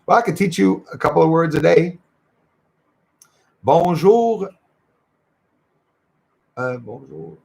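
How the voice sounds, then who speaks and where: A man's voice: a little high, lively intonation, fairly quick, creaky, few pauses, darkish tone. A man with a Québécois French accent, casually chatting with viewers and thanking them by name on his livestream. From Quebec, Canada. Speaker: livestream host. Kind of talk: casual livestream chat reading comments.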